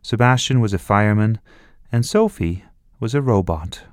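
A man narrating a children's story in a slow, rhythmic storytelling manner. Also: fairly low pitch, animated, no room sound, studio quality.

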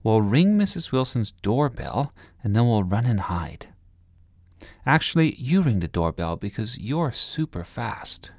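A man's voice: medium pitch, very animated, a little mellow, dry recording, voice pushed up. A man voicing a bossy, cheerful little girl in a storybook reading, eager and scheming. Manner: eager, scheming, talks fast to persuade.

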